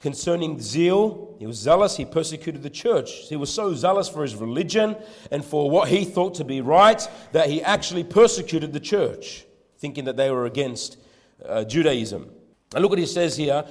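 A man with a fairly high voice preaches a sermon, swelling with fervor and then softening into hushed, prayerful lines. He often stumbles over and repeats words as he builds momentum. His voice rings out with a long reverb, as in a large hall. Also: lively intonation, normal speed. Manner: repeats words and phrases when starting a line.

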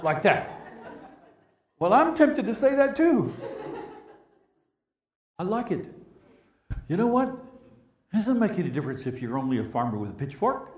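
A man with an Australian accent preaching a sermon, telling stories animatedly and rising to loud emphatic peaks before dropping to hushed, prayerful tones. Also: mid-range voice, echoey room, lo-fi sound. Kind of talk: sermon with storytelling.

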